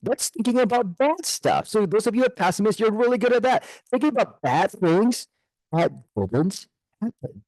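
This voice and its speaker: Man, middle-aged, guest speaker, lively pitch, chuckling, dry close sound. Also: normal speed, no room sound, low-quality recording. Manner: animated, chuckling, self-deprecating. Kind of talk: motivational talk. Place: club meeting room.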